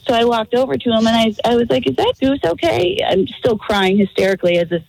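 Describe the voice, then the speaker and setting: A woman calls in to a radio show and tells a story in an excitable rush. Her voice is fairly high and a little husky, and it sounds dry and close. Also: quick pace, no room sound, poor audio. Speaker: radio caller. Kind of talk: telling a story on a call-in show.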